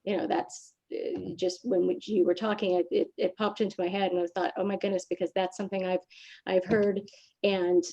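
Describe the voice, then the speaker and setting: Mellow woman business owner on a panel, thoughtful, muffled lo-fi audio. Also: medium pitch, level tone, a little fast. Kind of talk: panel discussion.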